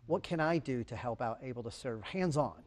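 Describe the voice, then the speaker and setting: A man hosting a faith talk show interview, enthusiastic and casual, with quick affirmations. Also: mid-range voice, animated. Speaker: host.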